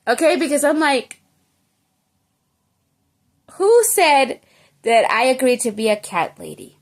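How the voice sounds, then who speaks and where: A woman telling a personal story in a casual vlog, animated and chatty, checking in with the listener and slipping into bits of Spanish. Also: on the high side, brisk. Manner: animated, keeps checking in with "okay?" and "you know?". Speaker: storytelling vlogger.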